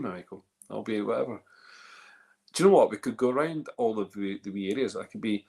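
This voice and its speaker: A Northern Irish man with a lowish, gravelly, slightly mellow voice hosts a whisky festival live stream over a video call. He talks fairly quickly with lively intonation, chatting casually, rambling and often repeating words.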